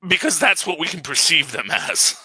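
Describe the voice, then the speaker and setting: A man's voice: a little high, big pitch swings, moderate pace, pushed and bright, husky, dry recording. A man hosting a casual podcast chat, rambling enthusiastically with frequent fillers and laughs. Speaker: podcast host reviewing a film.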